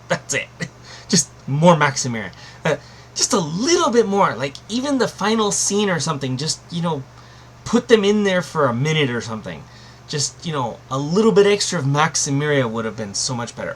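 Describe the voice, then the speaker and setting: A man's voice: medium pitch, a bit bright, slight background noise. Rambling, emphatic man reviewing a film. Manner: rambling and emphatic, many fillers and restarts. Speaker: anime reviewer. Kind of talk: casual spoken review.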